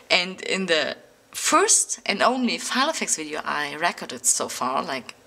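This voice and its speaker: A woman's voice: fairly low pitch, big pitch swings, takes it slowly, bright, forceful tone. A woman with a German accent, a German native speaker, chatting casually to camera about her planners, hesitant with many ums and some lip smacking. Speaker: planner vlogger.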